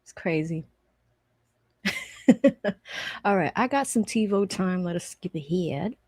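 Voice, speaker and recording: A woman's voice: fairly low pitch, animated, takes it slowly, a little mellow, no room sound, clean studio sound. A woman hosting a live stream, chatting casually and profanely, rambling through anecdotes before turning to trial commentary.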